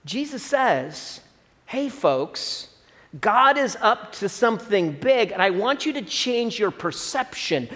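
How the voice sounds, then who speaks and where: A middle-aged man from Southern Illinois preaching a sermon as a pastor, conversational and animated, with asides to his congregation. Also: sits high. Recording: long reverb of a hall.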